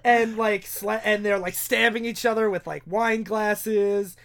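A man's voice: high voice, fairly even intonation, unhurried, fairly bright tone. A man co-hosting a podcast, recapping loosely with lots of fillers and restarts. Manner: rambling recap full of "like" and restarts. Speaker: podcast co-host. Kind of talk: casual chat.

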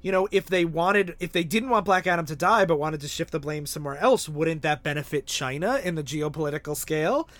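A man with a fairly high voice explaining a comic plot in a measured way. The sound is dry and close. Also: a bit bright, dry recording. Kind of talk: casual chat recapping a comic.

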